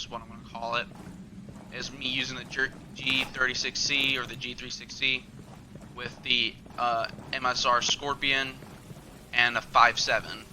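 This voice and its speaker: A man's voice: medium pitch, background noise. Rambling young male gamer. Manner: rambling, loose and filler-heavy. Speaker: gaming channel host. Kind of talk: casual gameplay commentary.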